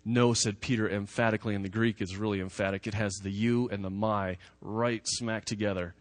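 A man's voice: lowish voice, level tone, a little fast, no echo. A man preaching a sermon as a pastor, talking conversationally and repeating words for emphasis.

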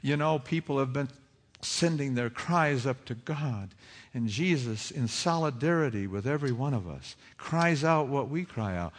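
A man preaching a sermon, asking his listeners question after question and moving between hushed reflection and rising fervor. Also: medium pitch, expressive, measured pace. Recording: long hall reverb.

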